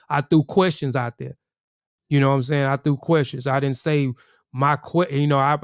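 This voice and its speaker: A man talks loosely to his livestream chat, circling back and repeating himself. His voice is smooth and resonant, with a dry, close sound. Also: medium pitch, no room sound. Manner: rambling, repeats words, addresses chat viewers. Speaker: livestream host.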